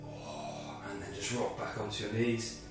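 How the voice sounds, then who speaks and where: A man's voice: lowish voice, fairly even intonation, fairly quick, very echoey, distant mic, music in the background. A man leading a guided movement and mindfulness workout as a fitness instructor, slightly out of breath, talking through each move step by step. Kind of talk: guided exercise class.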